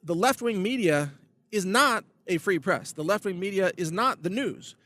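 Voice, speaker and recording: A man's voice: high voice, expressive, moderate pace, fairly bright tone, dry recording. A man hosting his own political video blog, delivering a sarcastic, emphatic rant. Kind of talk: ranting political commentary.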